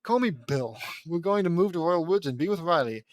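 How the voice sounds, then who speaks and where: A man's voice: a little high, animated, fairly quick, dry recording, lightly acted. A man reading as a kindly dad on the phone. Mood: earnest.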